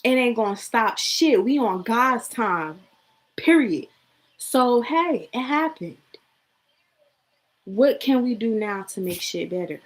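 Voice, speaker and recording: A young woman, talking casually and earnestly in a personal vlog. She repeats herself and sometimes drops into a soft whisper. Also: fairly high pitch, expressive, slow pace, pauses often, low-quality recording. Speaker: vlogger. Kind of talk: emotional personal vlog monologue.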